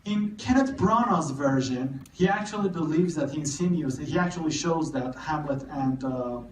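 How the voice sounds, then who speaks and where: A man giving a live literature lecture, talking haltingly with many repeated words and restarts. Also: fairly high pitch, a little hiss or hum. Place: cinema hall. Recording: echoey room, mic far off.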